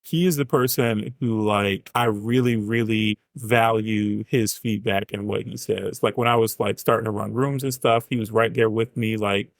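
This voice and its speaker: A man's voice: fairly low pitch, gravelly, no room sound, studio quality. A man, a comedian and writer, chatting as a guest, thinking aloud with lots of "like"s and lifting his voice for quoted thoughts. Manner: reflective, filler-heavy with many "like"s, lifts his voice for quoted thoughts. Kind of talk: casual chat.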